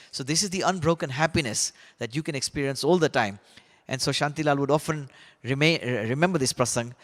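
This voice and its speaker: A man telling stories from a biography as a class teacher, in a relaxed, conversational way with fillers and restarts. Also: a little high. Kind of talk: storytelling lesson on a biography. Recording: long hall reverb.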